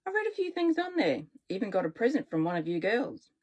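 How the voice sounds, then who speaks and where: A cocky, charming male actor with a New York edge, all grins and teasing, as a woman reads him in a romance story. His playful lines lift brightly in pitch. He sounds pleased with himself. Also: sing-song, brisk.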